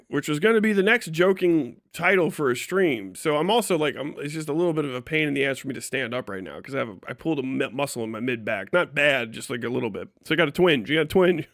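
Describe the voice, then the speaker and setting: Captured in a dry, studio-quality recording, a man from Kentucky with a fairly high-pitched voice recounts a story on his livestream. The telling is profane and animated, broken up by frequent laughter.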